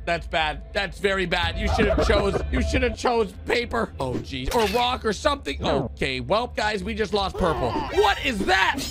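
A young man narrating a cartoon animation with excited commentary, often shouting and gasping as he reacts. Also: sits high, normal speed, gravelly, few pauses, music in the background.

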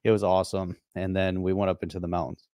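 A man's voice: low-pitched, level tone, quick pace, warm tone, dry recording. Laid-back man with a dry close sound. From United States. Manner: easygoing, laughs often. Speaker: podcast co-host. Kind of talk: casual live-stream chat.

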